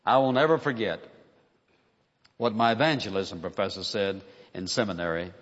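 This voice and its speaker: Male preacher, emphatic sermon delivery, mid pitch, echoing hall, dull lo-fi sound. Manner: earnest, emphatic preaching with repeated phrases.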